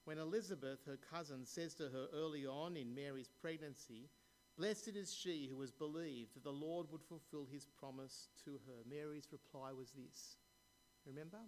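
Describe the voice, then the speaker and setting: A man preaching a sermon, reading scripture aloud and asking the congregation questions, his voice dropping softly at the ends of verses. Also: fairly high pitch, slight background noise. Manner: slow, deliberate preaching with pauses and questions to the congregation. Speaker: pastor.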